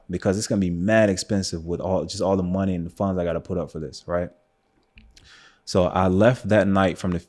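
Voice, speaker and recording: In a low voice, a young US man, a photographer guesting on a podcast, tells a story from his own life. He sounds relaxed and casual, with frequent "um"s and "like"s.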